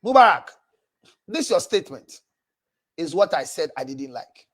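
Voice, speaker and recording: A man with a Ghanaian accent, a counselor hosting a livestream, animatedly scolding while reading viewer messages aloud. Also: sits high. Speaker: counselor and show host.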